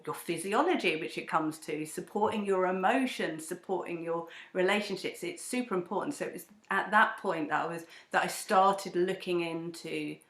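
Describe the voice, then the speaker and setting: A woman talks about her own path as a guest in a conversational interview, her voice sitting a little low for a woman. She tells stories with animation and slips into other people's voices when quoting them. The room around her is echoey. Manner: animated storytelling, acts out quoted voices. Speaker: breathwork teacher and singer-songwriter guest.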